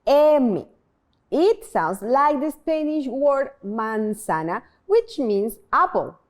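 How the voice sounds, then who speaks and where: A woman leads a beginners' language lesson at a very slow, careful pace, her voice fairly high. Her pitch moves a lot as she draws out each example word. She enunciates clearly and leaves pauses for students to repeat. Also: very animated. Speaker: language teacher.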